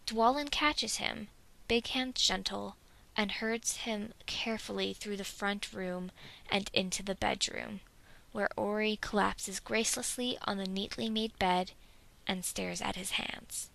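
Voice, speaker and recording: A woman reading a fan fiction story aloud in a soft narration that drops at times to a half-whisper. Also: mid-range voice, steady tone, measured pace, vocal fry, rough recording.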